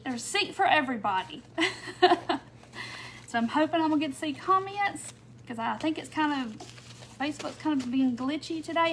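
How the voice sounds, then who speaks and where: Woman, high voice, chatty livestream host, greets viewers by name, lots of "um"s. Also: expressive, normal speed, pauses often, a little hiss or hum. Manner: chatty, warm welcomes, frequent little laughs and "um"s.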